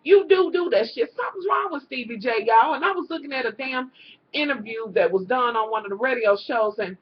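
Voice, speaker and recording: A woman with a husky voice, pitched a little high and moving a little fast, recaps a reality show in a casual, profane rant. She's animated and exasperated, swears nonstop, and addresses her viewers directly as "y'all." It sounds like a dull, lo-fi home recording.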